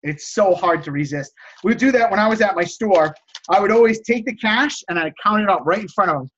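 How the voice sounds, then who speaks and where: A man hosts a live stream on resale negotiation, coaching viewers and reading chat messages aloud with a keen, salesman-like energy. His voice sits high and a little bright, and he talks slightly fast. The highs are cut off, with a touch of background noise.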